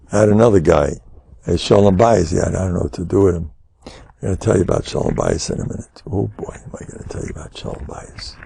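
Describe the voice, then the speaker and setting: An older rabbi delivers a humorous Torah lesson, his pitch swinging widely as he jokes and acts out conversations. A gravelly rasp runs through his voice. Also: dry recording. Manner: animated, joking, acts out dialogues.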